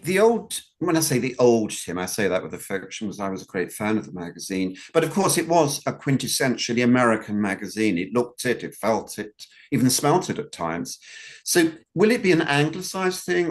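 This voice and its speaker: Bloke, dry jokes, voice swooping up and down a lot. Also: male voice, medium pitch, big pitch swings, fairly quick. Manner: wry, jokey. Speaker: journal editor, interviewer. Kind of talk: casual video-call chat.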